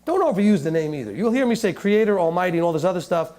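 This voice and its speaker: Rapid-fire and very lively, this high-voiced man is a Bible teacher working through scripture verse by verse in a teaching sermon. Conversational with his listeners, he slips in joking asides, laughs at his own humor, and often checks in with "right?" and "okay?".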